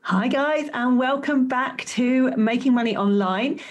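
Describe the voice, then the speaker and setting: A woman's voice: sits high, unhurried. A woman hosting a podcast, chatty and upbeat, laughing easily as she talks with her guest. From half Maltese family. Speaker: podcast host. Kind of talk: casual interview chat.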